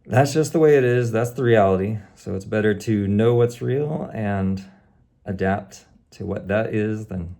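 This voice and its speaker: A man's voice: fairly low pitch, unhurried, warm tone. A man talking to camera in a candid, rambling vlog, sounding weary and reflective. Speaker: YouTube creator.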